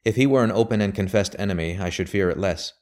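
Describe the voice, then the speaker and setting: A shrewd elderly lawyer with a very deep, grave voice, read by a man. He talks in measured, emphatic sentences. He sounds bitter and certain. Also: darkish tone, natural voice. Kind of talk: audiobook character voice.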